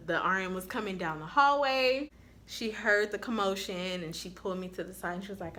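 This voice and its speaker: A woman nurse talks straight to her viewers in a casual advice vlog. Her voice sits a little low but sounds bright and forceful. She tells candid stories and swears bluntly. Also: moderate pace, slight background noise. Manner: blunt, candid storytelling with profanity.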